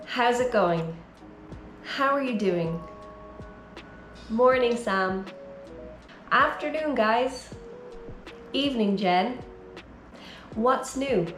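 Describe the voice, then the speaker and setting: A woman from Ireland with an Irish accent, giving a slow, careful English lesson for beginners and encouraging her learners. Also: on the high side, echoey room. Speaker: English teacher.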